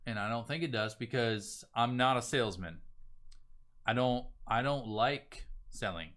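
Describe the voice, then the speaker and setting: A man coaching on selling, talking casually and with energy, often acting out sample messages in a lively voice. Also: medium pitch, unhurried. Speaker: business coach. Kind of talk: casual teaching talk.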